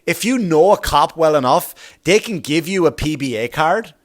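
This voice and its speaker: Here the solo comedy podcast host speaks at a moderate pace, his voice on the high side with lively intonation. He meanders, curses, and gets worked up along the way.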